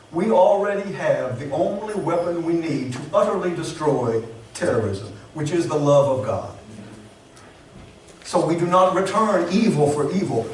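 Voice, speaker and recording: Pastor preaching in an echoey church. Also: male voice, a little high, a little mellow. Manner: earnest, measured storytelling with emphatic pauses. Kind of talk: sermon. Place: church sanctuary. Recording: very echoey hall, distant mic, faint hiss.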